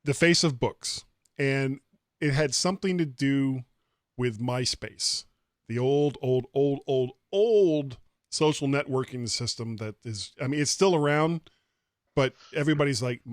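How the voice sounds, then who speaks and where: A man's voice: mid-range voice, lively intonation, unhurried, dry recording, studio quality. A man co-hosting a podcast in casual banter, joking and laughing at his own gags. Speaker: podcast co-host.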